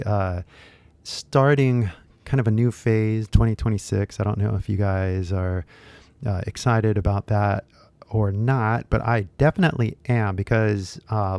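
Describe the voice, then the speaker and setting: A man's voice: on the low side, darkish tone, dry recording. A man with a Californian accent, an accent teacher talking casually to camera in a rambling, chatty way with many fillers. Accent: Californian English.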